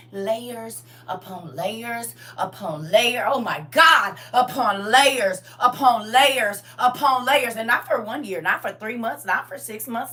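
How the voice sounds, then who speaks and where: Picked up on a distant mic, a woman delivers an impassioned testimony, swinging between shouting and low, intense speech with plenty of emphatic repetition.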